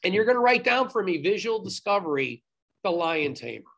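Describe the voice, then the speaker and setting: A man's voice: sits high, big pitch swings, brisk, vocal fry, fairly bright tone. A man teaching history in a recorded video lecture, speaking emphatically, repeating instructions and adding asides to the class, recorded on a laptop video-call setup.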